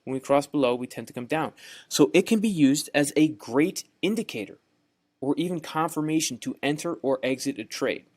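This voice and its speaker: A man's voice: a little high, lively intonation, normal speed, a little mellow. A young man with a Southern US accent, teaching a trading course over a screen share, folksy and repetitive, often checking in with "right?". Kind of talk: screen-share tutorial narration.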